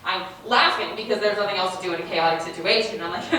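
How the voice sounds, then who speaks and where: A woman's voice: fairly high pitch, quick pace, a little hiss or hum. Giggly young woman telling a stand-up story. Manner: animated, giggly. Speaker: comedian. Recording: echoey stage from far off.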